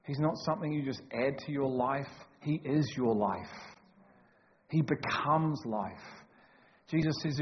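Emphatic New preacher in an echoey hall. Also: male voice, mid-range voice, slow. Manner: emphatic, swings from loud to hushed, joking asides. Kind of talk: sermon. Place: church hall. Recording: echoey hall, dull lo-fi sound, faint noise.

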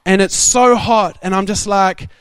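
A young man preaching a sermon, telling stories in a lively way and laughing often. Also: high voice, a little slow, clean tone, no echo. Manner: animated, laughing storyteller. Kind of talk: sermon storytelling.

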